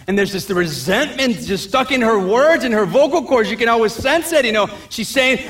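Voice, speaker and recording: A man preaching a sermon as pastor, animated, acting out the voices of people in the story and dropping to a quiet voice for asides. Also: normal speed, hardly any pauses, husky. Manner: drops to a low, quiet voice for asides.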